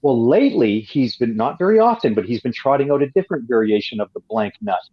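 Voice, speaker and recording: A man's voice: medium pitch, animated, quick pace, husky, no echo, dull audio. A man from Canada, a guest telling long profane stories in casual chat, with many restarts. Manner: profane, rambling, frequent restarts.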